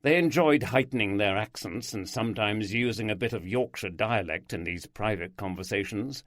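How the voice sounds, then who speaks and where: Male audiobook narrator, measured, dry close mic. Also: fairly low pitch, a bit bright, no echo.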